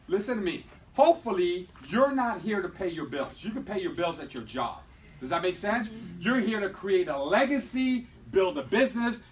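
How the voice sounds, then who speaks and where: Man, high voice, energetic motivational trainer, live audience talk, keeps asking "right?". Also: rough recording. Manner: energetic, repeatedly asks "right?". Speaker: business trainer.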